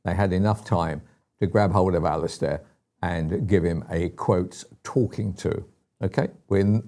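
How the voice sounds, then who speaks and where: A British man hosts a talk radio show with a lowish voice. He rambles between thoughts, restarts his sentences and sounds exasperated. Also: animated, a little slow, gravelly, darkish tone. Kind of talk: opinionated talk radio chat.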